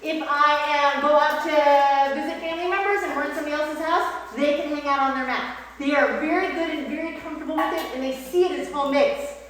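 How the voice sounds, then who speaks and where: A woman's voice: high-pitched, fairly quick, fairly bright tone. A woman dog trainer giving an upbeat training lesson and praising a puppy as she explains. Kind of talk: instructional dog training demo. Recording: echoey hall with faint noise.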